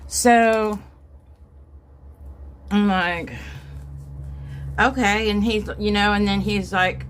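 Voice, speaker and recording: A woman's voice: mid-range voice, steady tone, very slow, a little hiss or hum. A middle-aged woman telling a rambling story at home while doing her makeup, acting out the quotes in a raised voice. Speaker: vlogger.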